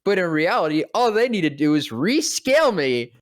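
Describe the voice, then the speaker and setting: A man's voice: high-pitched, sing-song, no room sound, studio quality. A young man, a voice actor, telling a story in casual chat, rambling, swearing freely and laughing often. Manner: rambling, profane, quick to laugh. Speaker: podcast guest, voice actor.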